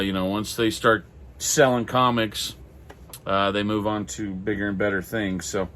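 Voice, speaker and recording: A man from Minnesota chatting casually on his own about comics, halting and apologetic with lots of fillers, his throat going dry. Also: on the low side, a bit bright, slight background noise. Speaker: comic collector vlogger. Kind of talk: casual solo chat.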